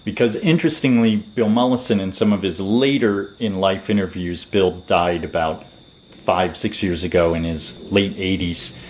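A man giving long, measured, lecturing answers as a permaculture designer in an interview. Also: deep voice, steady tone, a little hiss or hum, poor audio.

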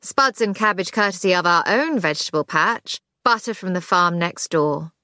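A woman's voice: fairly low pitch, normal speed, no echo, clean studio sound. A woman voicing a genteel, shabby bohemian hostess who teases her dinner guests. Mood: hospitable. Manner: bright, teasing, hospitable.

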